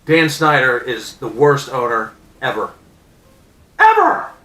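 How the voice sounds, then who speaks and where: Bright-voiced furious man ranting. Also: medium pitch, expressive, normal speed, roomy sound, low-quality recording. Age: 30s. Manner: furious, profane, sarcastic, with loud outbursts. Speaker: vlogger. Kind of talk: angry sports fan rant.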